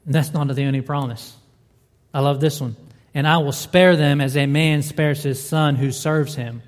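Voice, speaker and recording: A man's voice: on the high side, fairly even intonation, moderate pace. Preaching man in a reverberant hall. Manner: repetitive rhetorical questions, emphatic. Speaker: pastor. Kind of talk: sermon.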